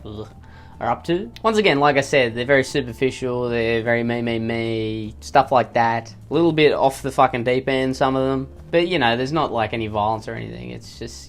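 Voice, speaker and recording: A man's voice: medium pitch, gravelly. A man doing sarcastic, rambling comedy commentary as he reads out online posts. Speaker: YouTube commentator.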